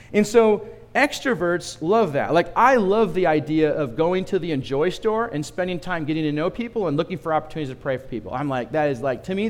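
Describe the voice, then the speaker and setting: Male pastor, animated storyteller, slightly high voice, long hall reverb. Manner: animated storytelling with asides to the room. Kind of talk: sermon.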